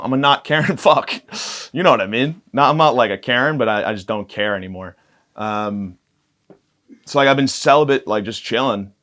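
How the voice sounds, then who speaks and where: A man's voice: mid-range voice, fairly bright tone. A young man hosting a podcast, talking in a crude, rambling, self-mocking comedic monologue. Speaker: podcast host.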